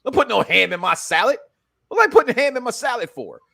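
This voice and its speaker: A man's voice: very high-pitched, big pitch swings, quick pace, gravelly, bright, forceful tone. A man hosting a casual reality-show review chat, joking and rambling, often restarting his sentences. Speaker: podcast host.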